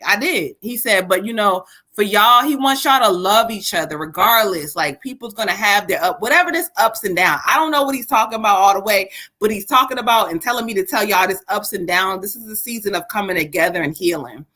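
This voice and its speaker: Giggly, bright-voiced woman tarot reader. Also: mid-range voice, a little fast, hardly any pauses. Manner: giggly, animated, swears freely. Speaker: psychic reader. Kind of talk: live tarot reading. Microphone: webcam or phone on a live stream.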